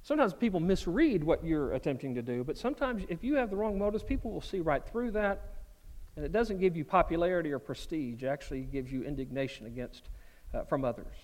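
A man preaching a sermon as pastor, conversational and animated, slipping into quoted voices. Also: a little high, brisk. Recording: long reverb of a large hall.

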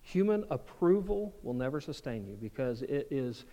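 A man preaching a sermon as pastor, conversational and animated, slipping into quoted voices. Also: mid-range voice, normal speed. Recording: long reverb of a large hall.

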